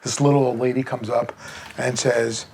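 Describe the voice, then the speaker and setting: A man's voice: medium pitch, flat delivery, normal speed, creaky, a little mellow, a little hiss or hum. A man teaching a sales lesson through a casual story, acting out the people he quotes. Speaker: sales trainer.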